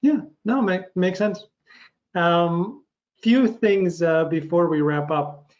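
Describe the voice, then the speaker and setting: A male podcast host who is a native Russian speaker, asking questions in a halting way, full of "uh" and "um". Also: high-pitched. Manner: halting, fills pauses with "uh" and "um". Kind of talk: casual interview.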